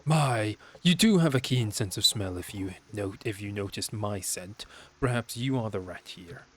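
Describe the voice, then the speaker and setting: A man's voice: lowish voice, lively intonation, normal speed. A man voicing a haughty, vain young woman who taunts and sneers at her sibling. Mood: mocking.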